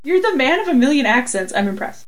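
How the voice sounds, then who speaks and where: Woman co-host, kinda high voice, teasing and laughing a lot. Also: sing-song. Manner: teasing, laughs often, quick banter. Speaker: podcast co-host. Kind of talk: casual chat.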